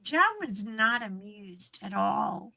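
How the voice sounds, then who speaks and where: A woman's voice: mid-range voice, slow pace, gravelly, bright, forceful tone, no echo, rough recording. A woman co-hosting a casual chat show, telling rambling stories with lots of fillers. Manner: rambling storyteller with many fillers. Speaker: co-host.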